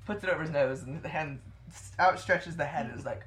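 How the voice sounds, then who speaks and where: A man's voice: a little high, brisk, fairly bright tone. A man playing a tabletop game, casually retelling events in a rambling way, full of "like". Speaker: player. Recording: roomy echo with crowd chatter.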